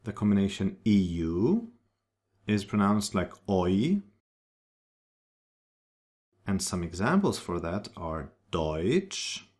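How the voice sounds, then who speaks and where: Slow, lively-voiced man teaching pronunciation. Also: low voice. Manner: spells out sounds and repeats example words carefully. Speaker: language teacher. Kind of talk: slow, deliberate pronunciation lesson.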